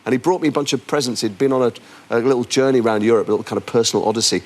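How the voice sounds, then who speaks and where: A man's voice: mid-range voice, racing. An English man, a guest actor on a chat show, telling anecdotes with stammering restarts. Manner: animated storyteller, stammering restarts.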